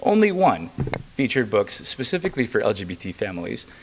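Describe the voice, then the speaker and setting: Casting: young man, lowish voice, earnest legislator at a press conference, emphatic. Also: big pitch swings, fairly quick, background noise. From rural Missouri. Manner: earnest and emphatic, with occasional fillers. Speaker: state legislator.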